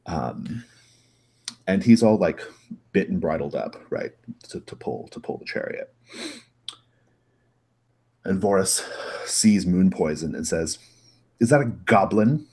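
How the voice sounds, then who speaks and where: A man's voice: sits low, slow, pauses often, warm tone, breathy edge. A man narrating a tabletop game as game master, rambling with many restarts.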